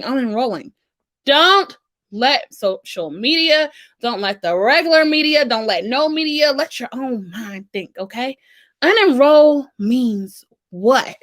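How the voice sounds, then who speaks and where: A woman from the States, hosting a casual financial advice vlog in a sassy, animated manner. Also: high-pitched. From Southern United States. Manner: animated and sassy, with frequent "okay?" check-ins. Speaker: financial coach and channel host.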